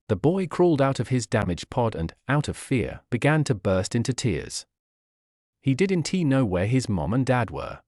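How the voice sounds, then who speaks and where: A man reading a fan-fiction story aloud as narrator, with a steady, plain delivery. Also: medium pitch, moderate pace, no echo, clean studio sound.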